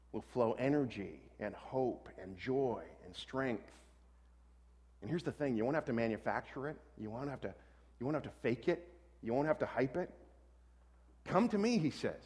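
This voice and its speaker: A pastor giving a sermon in a relaxed, conversational way, often correcting himself and adding light humor. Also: male voice, medium pitch, breathy edge, in a large hall.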